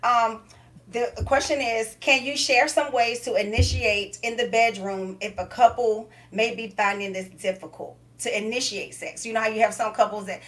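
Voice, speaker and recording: A woman's voice: a little high, fairly even intonation, normal speed, a bit bright, low-quality recording. A woman reading audience questions aloud on a live panel. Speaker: question reader.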